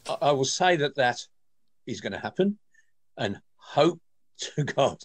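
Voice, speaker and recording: An older man from England with a Midlands accent, a regular on a football chat show, talking in a halting, self-deprecating way. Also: mid-range voice, very animated, breathy edge, dry recording. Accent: English Midlands. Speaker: regular pundit. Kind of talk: casual chat.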